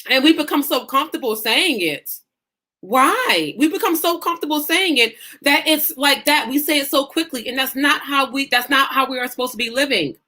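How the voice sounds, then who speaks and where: Woman coach preaching to her group, bright punchy voice, a bit high, super emphatic. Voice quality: emphatic, preacherly, acts out self-talk in quotes. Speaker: faith-based life coach. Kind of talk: passionate teaching to an online group.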